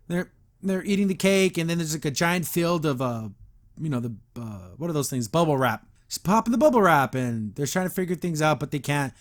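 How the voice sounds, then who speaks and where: Man, podcast host, casual recap, rambling, exasperated, slightly high voice. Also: animated, a little fast. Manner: rambling, exasperated, with frequent likes and restarts.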